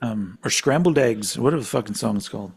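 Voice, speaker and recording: A man's voice: fairly low pitch, lively intonation, fast, gravelly, slightly rough. A man co-hosting a casual podcast, rambling off on tangents, swearing freely and laughing often as he talks. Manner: laughs often while talking. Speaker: podcast co-host.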